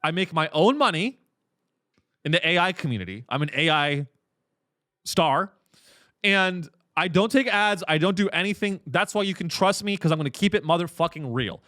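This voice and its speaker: Animated, ironic man hosting a podcast. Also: high-pitched, moderate pace, dry recording, clean studio sound. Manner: ironic, profane, rambling with restarts. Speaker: podcast host. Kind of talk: satirical comedy rant.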